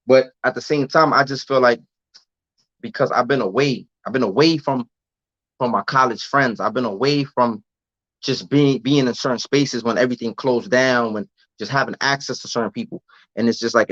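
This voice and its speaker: A man's voice: medium pitch, fairly bright tone, no room sound. Slangy, restarting man on a dull mic. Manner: loose slangy talk with frequent restarts and repeated words. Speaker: vlogger answering live chat. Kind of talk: casual livestream chat.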